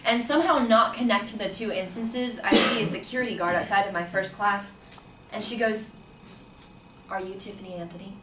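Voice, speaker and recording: A woman's voice: mid-range voice, a little fast, far from the mic. A woman recounts a personal story, her voice carrying through a roomy space. She speaks from a little way off the mic with faint noise behind her, shifting into livelier tones when she quotes people. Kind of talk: personal story told to an audience.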